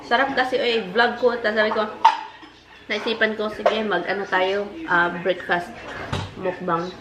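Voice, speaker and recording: A woman's voice: medium pitch, little pitch movement, normal speed, roomy sound, very noisy. A woman with a Filipino accent chatting casually to her viewers during a breakfast vlog, switching between English and Filipino. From Philippines. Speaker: vlogger. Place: home kitchen.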